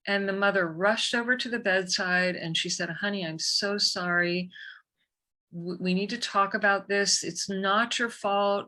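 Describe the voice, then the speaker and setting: A woman guest on a podcast, an energy healer telling a story in a lively, conversational way. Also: mid-range voice. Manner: animated, vivid storyteller.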